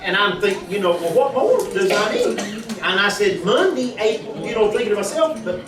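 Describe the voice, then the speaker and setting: A man's voice: high-pitched, fairly quick. A man telling a church congregation a personal testimony, acting out the conversations he quotes. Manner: animated storytelling, acting out quoted dialogue. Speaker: husband giving a church testimony. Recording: echoey room from far off with a crowd.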